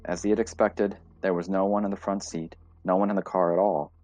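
A man narrating a story in a measured, deliberate reading style. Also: low voice, level tone, darkish tone, dry recording. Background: faint music.

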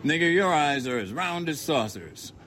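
A bullying, contemptuous worker in a hard hat, put on by a male narrator, pitched well above the reader's own low voice. He barks sneering taunts and threats, his tone pushed into a harsher, strained timbre unlike the narration around it. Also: sing-song, normal speed, fairly bright tone, slight background noise. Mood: hostile.

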